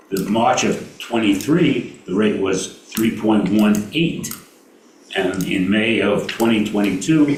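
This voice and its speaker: Brooklyn guy chairing a meeting, lowish voice, halting w lots of uhs, echoey room heard from far off w noise. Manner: halting, many uh fillers, reads figures aloud. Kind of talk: meeting business.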